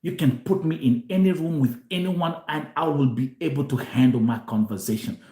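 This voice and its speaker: Animated Kenyan man in an echoey room. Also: on the high side, normal speed. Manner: animated, mixes Swahili and English, repeats himself. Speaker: host. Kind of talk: live show monologue to viewers.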